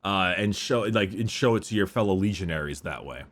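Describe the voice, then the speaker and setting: A man's voice: low-pitched, lively intonation, fairly bright tone. A man hosting a casual lore chat, swearing freely and often stumbling and restarting his sentences. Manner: halting, profane, stumbles over words. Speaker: podcast host.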